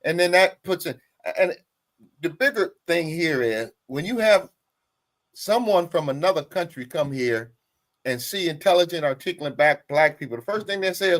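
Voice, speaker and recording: A man on a political roundtable, speaking in a deliberate, emphatic way. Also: a little high, animated, fairly bright tone. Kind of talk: political discussion.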